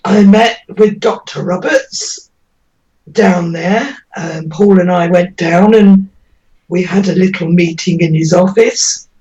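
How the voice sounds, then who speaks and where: A woman's voice: on the low side, takes it slowly, warm tone. A woman interviewed about her daughter, talking earnestly and pleading, her voice breaking with emotion. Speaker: interviewee, mother. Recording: dull lo-fi audio, distant from mic.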